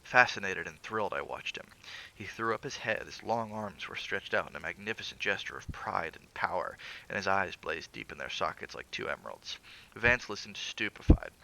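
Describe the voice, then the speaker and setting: Male reader, low gravelly voice with a bright edge, theatrical measured horror narration. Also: expressive, poor audio. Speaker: streamer reading aloud. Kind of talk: dramatic reading of a classic horror story.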